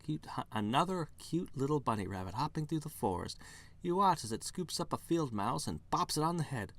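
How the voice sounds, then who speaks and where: A man hosting a game let's play, reading out the text and joking along the way. His voice is mid-pitched with a lively, animated lilt. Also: fairly quick. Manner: wry, playful narration.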